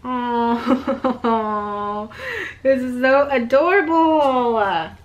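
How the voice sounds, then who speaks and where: A young woman, excitedly chatting while opening gifts for her baby daughter. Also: on the high side, drawn-out words. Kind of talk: casual unboxing chat. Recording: noisy home recording.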